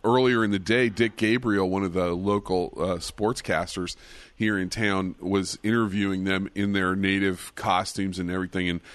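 A man's voice: deep voice, steady tone, normal speed, fairly bright tone, dry recording. A man hosting a casual chat, enthusiastic, with small stumbles and repeated words.

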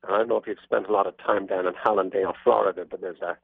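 A man's voice: low-pitched, fairly even intonation, very fast, vocal fry, breathy edge, no room sound. A man, a racehorse trainer, telling wry anecdotes as a guest in an interview. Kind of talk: storytelling interview answers. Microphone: telephone. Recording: tinny phone line, dry.

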